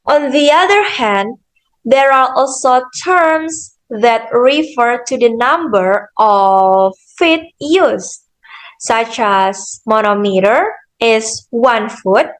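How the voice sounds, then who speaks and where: A young woman student giving a slow, careful class presentation, explaining step by step with frequent "okay" and "so". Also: fairly high pitch, poor audio. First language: Indonesian. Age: young adult. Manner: deliberate, measured, with "okay" and "so".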